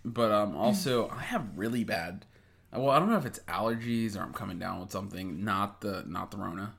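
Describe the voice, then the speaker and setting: A man's voice: lowish voice, expressive, fairly quick, creaky, fairly bright tone. A young man co-hosting a podcast, laid-back and swearing freely, with a slightly stuffy nose from a cold. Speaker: podcast co-host. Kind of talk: casual podcast chat.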